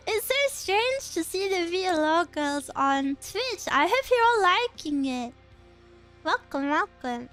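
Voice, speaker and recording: High-voiced chatty young woman streamer. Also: big pitch swings, slow, a bit bright, soft background music. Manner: chatty, rambling, giggly. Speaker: VTuber streamer. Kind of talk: casual chat stream.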